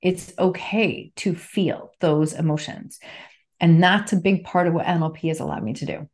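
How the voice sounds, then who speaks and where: A woman in her fifties speaks as a guest in a casual podcast conversation. Her voice sits fairly low, and she talks earnestly, coming back to key phrases to drive her points home. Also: fairly even intonation, moderate pace, darkish tone. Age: 50s. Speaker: podcast guest, NLP trainer and author.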